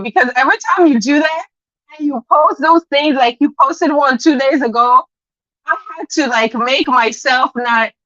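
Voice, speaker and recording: A woman's voice: high-pitched, bright, forceful tone, no room sound, lo-fi sound. A woman hosting a live stream, chatting casually, greeting viewers by name and laughing often. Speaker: livestream gossip host.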